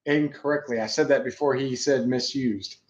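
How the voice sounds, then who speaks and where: A man's voice: medium pitch, steady tone, normal speed, highs cut off. A man co-hosting a wrestling review, stubbornly arguing his points in casual chat. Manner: stubborn, argumentative.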